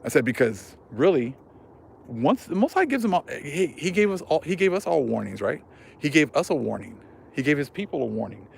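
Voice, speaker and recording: A man's voice: fairly high pitch, big pitch swings, brisk, vocal fry, darkish tone, a little hiss or hum. A man hosting a religious commentary vlog, speaking fervently in casual slang and repeating himself for emphasis. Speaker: vlog host.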